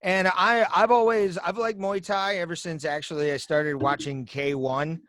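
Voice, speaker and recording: A man's voice: high-pitched, fairly even intonation, normal speed, fairly bright tone, no room sound. Joking man co-hosting a dry-sounding podcast. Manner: joking, playful hype with goofy asides. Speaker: podcast co-host. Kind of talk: casual chat.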